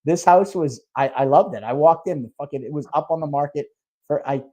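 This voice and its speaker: A man's voice: a little high, fairly quick, dark tone. A man telling a long story on a casual podcast, rambling and swearing a lot, full of fillers like "like.". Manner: rambling, heavy swearing, lots of "like". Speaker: podcast co-host; restaurant owner.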